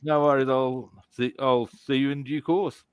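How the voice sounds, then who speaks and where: A man in a casual group chat, making slow, polite sign-offs. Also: mid-range voice, little pitch movement, a crowd in the background. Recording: loud noise on a far-off mic.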